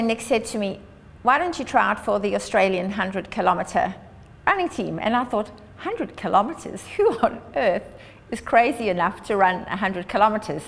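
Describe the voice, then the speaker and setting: Woman giving an upbeat address. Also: medium pitch. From South Africa. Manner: earnest, upbeat storytelling. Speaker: Australia Day ambassador. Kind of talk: prepared public address. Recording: long hall reverb.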